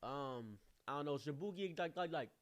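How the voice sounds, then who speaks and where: Rowdy bragging young guy, done by a male storyteller, high and loud, slangy, swaggering. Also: expressive, moderate pace, natural voice.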